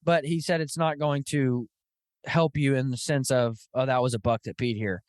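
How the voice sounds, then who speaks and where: A man hosting a podcast, telling stories in an animated, casual way, full of "dude" and "like". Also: medium pitch, moderate pace, dry recording, clean studio sound. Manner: animated storytelling, lots of "dude" and "like". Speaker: podcast host. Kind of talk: casual chat.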